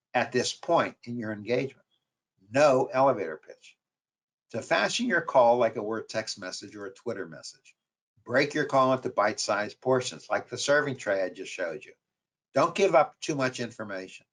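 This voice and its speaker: A man's voice: medium pitch, fairly bright tone. A man with a New York accent giving a webinar lecture on sales calls, repeating key points with emphasis. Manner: repetitive, emphatic coaching delivery. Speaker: marketing professor.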